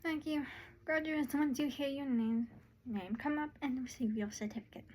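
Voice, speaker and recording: A woman voicing a stately female academy headmistress, with a put-on British-adjacent accent, speaking in a measured, formal way. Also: sits high, a little mellow, natural voice.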